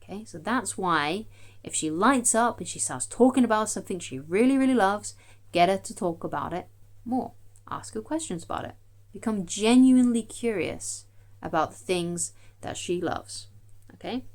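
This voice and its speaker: A woman's voice: mid-range voice, expressive, normal speed. A woman, a dating coach, giving chatty, emphatic advice straight to camera and often checking in with "okay?". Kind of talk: direct-to-camera advice talk.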